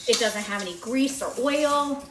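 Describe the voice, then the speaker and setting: A woman's voice: a little high, normal speed, a bit bright, reverberant, slight background noise, poor audio. A chatty, enthusiastic woman teaching a live baking demo in her home kitchen and answering viewers' comments. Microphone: on-camera mic, moved around the kitchen. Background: mixer and kitchen clatter.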